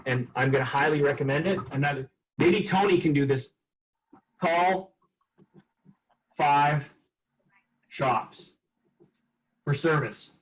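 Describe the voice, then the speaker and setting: Taking it slowly and leaving long pauses, a man with a slightly high voice leads a sales training session. He recounts customer stories in a casual, lively manner, acting out what was said. The recording quality is low.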